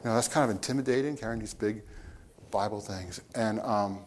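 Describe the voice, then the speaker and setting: A man preaching a conversational sermon, telling stories with animated asides to the audience. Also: lowish voice, brisk. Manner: animated, with restarts and chuckles.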